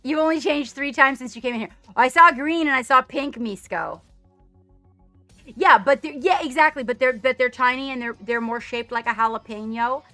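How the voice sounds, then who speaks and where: Bubbly, bright-voiced woman streamer. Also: high voice, normal speed, no echo, soft background music. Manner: bubbly, chatty, laughs at herself. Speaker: streamer chatting with viewers. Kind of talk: casual live-stream chat. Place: home studio.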